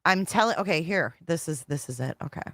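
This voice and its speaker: Profane, exasperated woman, low-pitched. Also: expressive, brisk, fairly bright tone, no echo, clean studio sound. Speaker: true-crime commentary host. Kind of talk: casual livestream commentary reading texts aloud.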